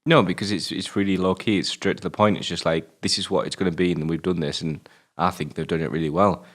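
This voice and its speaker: Deep-voiced british guy gabbling fast about films, laid back, drops f-bombs. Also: steady tone. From Britain. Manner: swears casually, rambling and offhand. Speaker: film review show co-host. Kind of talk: casual film discussion.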